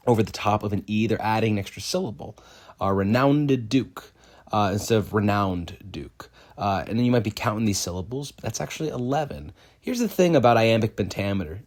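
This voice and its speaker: A man, a former teacher and actor, explaining a Shakespeare scene in a casual, lively way and reading lines of verse aloud slowly. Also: lowish voice. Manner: lively, talks to the listener as a friend, reads verse aloud slowly.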